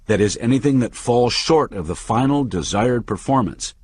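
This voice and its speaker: A man reading the part of a calm, patient manager who explains ideas to a younger man with lively emphasis. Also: medium pitch, normal speed, breathy edge, pitched above the performer's own voice. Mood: patiently explaining. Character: calm middle-aged male manager, patient teacher.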